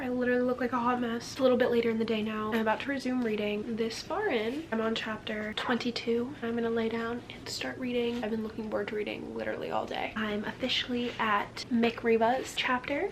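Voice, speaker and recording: A young woman chats excitedly to the camera while lying down to read at home, her voice sitting a little high. She gushes and reacts loudly, then drops into hushed whispers over the pages. A faint hiss of room noise sits under her. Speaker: book vlogger. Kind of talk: casual reading vlog.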